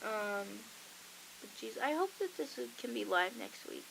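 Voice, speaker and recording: Chatty young woman radio host, gravelly. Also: a little high, very animated, a little slow, noisy background. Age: young adult. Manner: chatty storytelling, acts out quoted voices. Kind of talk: casual chat.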